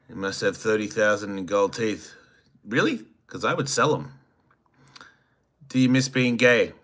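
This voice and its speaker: Australian male livestream host, 50s, slow unhurried delivery, crude joking banter, bright voice. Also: lowish voice. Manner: laid-back, crude, joking, reads viewer comments aloud. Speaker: host reading live chat. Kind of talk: casual livestream chat.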